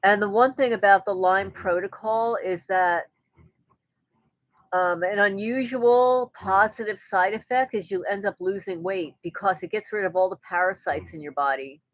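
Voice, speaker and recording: A woman hosting a relaxed live stream, reading out viewer comments and replying in an easygoing, conversational way. Her voice sits at an ordinary middle pitch. The sound is close and dry, with no room echo. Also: normal speed. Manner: reads viewer comments aloud and answers them conversationally; chatty, with frequent restarts and light laughter. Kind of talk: casual live-stream chat.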